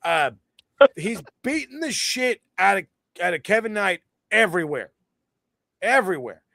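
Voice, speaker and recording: A man's voice: sits high, very animated, normal speed, creaky, pushed and bright, dry recording. A man co-hosting a casual wrestling review podcast, telling the story animatedly with lots of swearing and mocking quoted voices. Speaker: podcast co-host.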